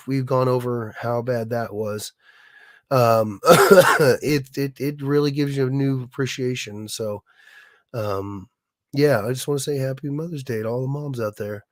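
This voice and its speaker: A man with a hoarse, raspy voice from being sick, chatting casually on his livestream and stumbling over restarts. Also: mid-range voice, a little mellow, no room sound, studio quality. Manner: halting, many restarts and fillers. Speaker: livestream host, illustrator.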